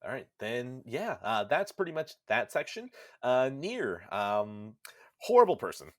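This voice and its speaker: Host, male, lively storyteller recapping a game, dry close sound. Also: mid-range voice, a little slow, no room sound. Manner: animated storytelling, jokey asides. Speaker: podcast host.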